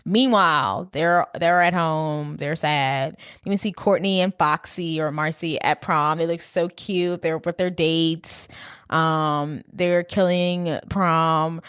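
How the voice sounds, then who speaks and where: A woman's voice: low-pitched, steady tone, takes it slowly, a bit bright, clear, resonant tone, no echo, clean studio sound. A young woman co-hosting a podcast, recapping a film in a laid-back way, swearing freely and laughing often. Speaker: podcast co-host. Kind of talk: casual movie recap chat.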